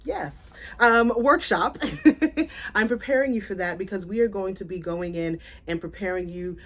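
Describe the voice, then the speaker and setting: A woman raised in South Florida, talking casually to her viewers in a vlog, animated and chatty, laughing and correcting herself as she goes. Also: mid-range voice, normal speed. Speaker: content creator.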